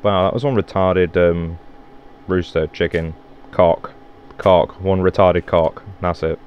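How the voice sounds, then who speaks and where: A man's voice: low-pitched, steady tone, slow, dull audio, a little hiss or hum. A man giving rambling let's play commentary, swearing and mocking himself as he plays at home. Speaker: gamer.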